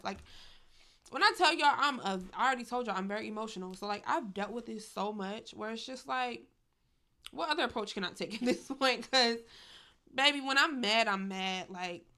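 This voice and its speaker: A young woman speaks straight to her viewers in a casual, confessional vlog. She talks candidly and with emphasis, leaning on "y'all" and "like" as she goes, in a voice of middling pitch. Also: fairly bright tone. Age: young adult. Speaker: vlogger.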